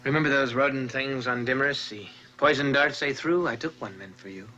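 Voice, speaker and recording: An actor playing a cold, defiant starship officer. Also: male voice, medium pitch, a little fast, pushed and bright, lightly acted. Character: male starship officer turning menacing. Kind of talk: 1960s TV drama acting. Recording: dull old TV audio with score.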